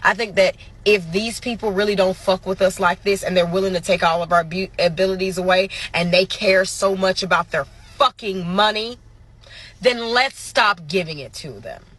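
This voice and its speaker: A woman's voice: medium pitch, moderate pace, a bit bright. A woman delivering an angry, profane social media rant straight to her followers. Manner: furious, profane, emphatic.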